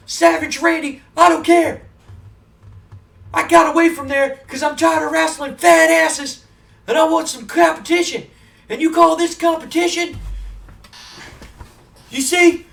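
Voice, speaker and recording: A man putting on the voice of a brawny, arrogant tag team wrestler who shouts boastful trash talk. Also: extremely high pitch, creaky, recorded from a distance, pitched above the performer's own voice, exaggerated voice.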